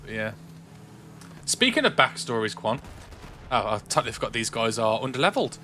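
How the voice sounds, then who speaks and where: A man's voice: medium pitch, very animated, moderate pace, bright, forceful tone, a little hiss or hum. A young man from England's Black Country with an English accent, chatting casually and rambling while streaming a game from home. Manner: rambling, chatty, frequent restarts and filler. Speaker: gaming streamer. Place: home room.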